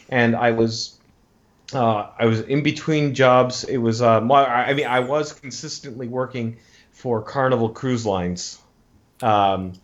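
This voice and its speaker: Rambling man telling a story, dull recording. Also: mid-range voice. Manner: rambling, many restarts, acts out quoted voices. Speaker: interview guest. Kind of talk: casual interview chat.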